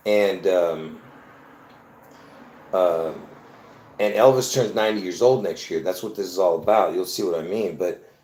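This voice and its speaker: A man's voice: low voice, unhurried, long pauses, dark tone, slight background noise. Insistent rambling man in an echoey room. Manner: repetitive, insistent, many restarts and fillers. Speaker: video host. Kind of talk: rambling explanation to viewers.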